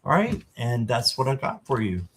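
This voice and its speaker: A man's voice: mid-range voice, huge pitch swings, moderate pace, a bit bright, breathy edge. A man doing a casual live tarot reading, chatting to viewers and reading the card text aloud. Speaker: tarot reader.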